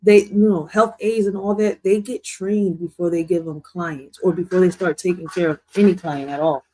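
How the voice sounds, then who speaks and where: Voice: mid-range voice, fairly even intonation, normal speed, dark tone, rough recording. A host reacts to a news clip in loose, slangy commentary. The delivery rambles, stalls on filler words and often restarts mid-sentence, with a casual, home-desk feel.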